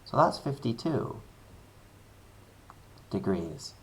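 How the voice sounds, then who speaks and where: A man's voice: lowish voice, big pitch swings, takes it slowly. A male maths teacher talking through a worked example, chatty and upbeat, thinking aloud with playful asides. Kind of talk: screen-recorded maths lesson.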